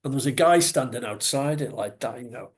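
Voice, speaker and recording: A middle-aged man with a Scouse accent, telling lively anecdotes as a podcast guest, with chuckles and salty asides. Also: mid-range voice, fairly quick. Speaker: guest, former news reporter. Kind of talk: conversational storytelling.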